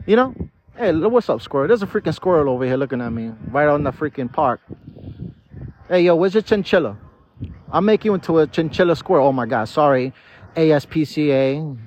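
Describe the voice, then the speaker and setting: A man's voice: on the high side, highs cut off, slight background noise. Tipsy, profane man rambling outdoors. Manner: profane, digressive, talks straight to viewers. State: tipsy, slurring. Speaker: vlogger. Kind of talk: rambling personal storytelling. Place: outdoors in a park.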